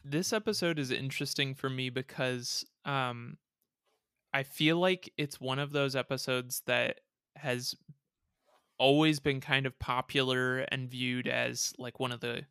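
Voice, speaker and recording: A man's voice: mid-range voice, steady tone, unhurried, sharp tone, smooth, dry recording, clean studio sound. A man co-hosting a podcast in casual chat, easygoing and reflective. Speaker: podcast co-host.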